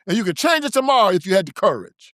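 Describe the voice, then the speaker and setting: A man's voice: sits high, sing-song, quick pace, a bit bright, dry recording, studio quality. A man hosting his own show, delivering an emphatic, preachy and confrontational political commentary monologue. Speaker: show host.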